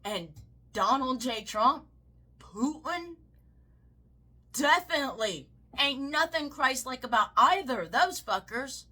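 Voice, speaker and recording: A woman's voice: high voice, expressive, a little slow, pushed and bright, breathy edge. A Southern woman giving heated, profane political commentary, swinging into mocking shrieks. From American South.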